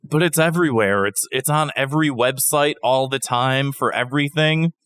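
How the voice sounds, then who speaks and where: A man's voice: medium pitch, moderate pace, fairly bright tone, clean tone, no room sound. Dry-voiced man griping on a podcast. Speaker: podcast co-host. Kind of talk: casual comedy podcast banter.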